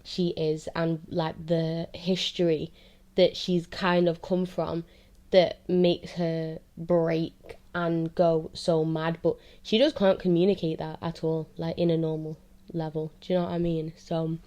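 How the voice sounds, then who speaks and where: A young woman talks straight to her audience in a loose, confessional ramble. Her voice sits a touch low and sounds warm and mellow. She keeps circling back to ask whether you get what she means. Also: little pitch movement, unhurried. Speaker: vlogger. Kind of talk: candid confessional monologue.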